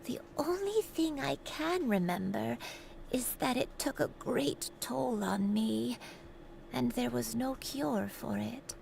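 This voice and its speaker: Frail, halting old granny. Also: female voice, on the high side, lively intonation, gravelly, darkish tone, a little hiss or hum, heavily acted, rough recording. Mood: wistful. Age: older. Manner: slow, halting, apologetic. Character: frail elderly woman recalling a long illness.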